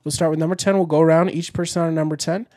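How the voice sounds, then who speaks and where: A man's voice: a little high, little pitch movement, rapid-fire, mellow, dry recording, studio quality. A man hosting a casual podcast chat, upbeat and leading the talk. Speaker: podcast host.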